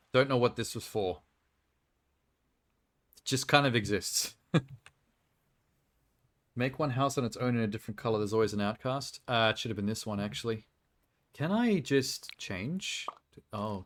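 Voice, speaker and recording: A man's voice: mid-range voice, a little slow, pauses often. Joking male streamer. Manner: rambling, joking, laughs often. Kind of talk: casual live-stream chat while playing a game.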